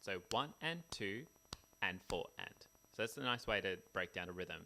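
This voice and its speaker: A man's voice: sits low, expressive, moderate pace, vocal fry, pushed and bright, slight background noise. A man teaching music theory in a casual, chatty way, tired after a poor night's sleep. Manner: chatty, sings rhythms with scat syllables.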